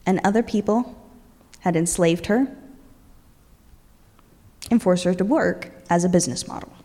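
A woman preacher retelling a story in a lively sermon, voicing its characters along the way. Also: on the low side, measured pace, long reverb tail.

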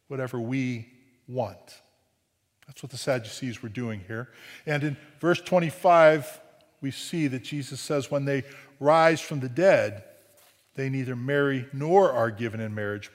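A man's voice: mid-range voice, in a large hall. A man preaching a sermon in a conversational way, often asking "right?" and restarting phrases, with dry humor. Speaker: pastor.

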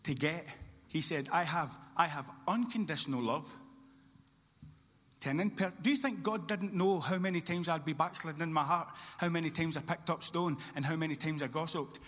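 A man's voice: on the high side, normal speed, fairly bright tone. A man preaching a sermon as pastor, earnest, with a repeating emphatic cadence. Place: church hall. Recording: church hall reverb, faint ambience.

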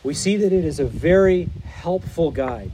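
A man's voice: a little high, lively intonation, normal speed, dark tone, a little hiss or hum, rough recording. A man preaching a sermon as pastor, in an earnest, explanatory manner.

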